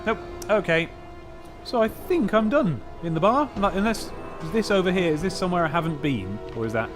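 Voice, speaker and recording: A man's voice: high-pitched, expressive, fairly quick, music in the background. A man playing a role-playing game, reading its text aloud and thinking through his choices in a casual, musing way. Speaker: let's play host.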